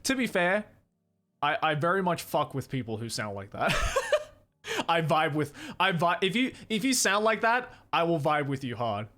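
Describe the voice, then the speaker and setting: A young Australian man chats casually with his stream from a studio. His voice sits fairly high and swoops around expressively. He swears freely and breaks into laughter often, over faint background music. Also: big pitch swings, moderate pace, sharp tone. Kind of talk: casual chat. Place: studio, indoors.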